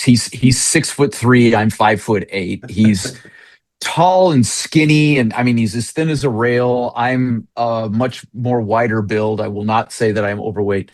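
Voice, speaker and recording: A man who is a pastor, a guest on an interview, telling lively, joking stories about his church. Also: lowish voice, no room sound. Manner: jokey, animated storyteller. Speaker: associate pastor.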